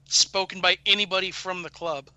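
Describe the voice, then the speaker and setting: A man's voice: high voice, fairly even intonation, moderate pace, bright, forceful tone, rough recording. A man chatting on a podcast panel, earnest and stumbling, repeating words as he restarts. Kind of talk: casual podcast chat.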